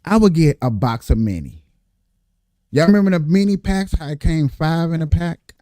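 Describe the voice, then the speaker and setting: A man casually telling a story to his viewers, animated and repetitive, often addressing them directly as y'all. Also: a little high, moderate pace, dry recording, clean studio sound. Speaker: vlogger telling a work story.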